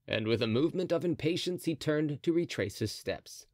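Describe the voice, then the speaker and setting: A man's voice: a little high, animated, moderate pace, few pauses, a little mellow, no echo, clean studio sound. A man narrating a classic adventure novel as an audiobook, telling the story expressively. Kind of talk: scripted narration.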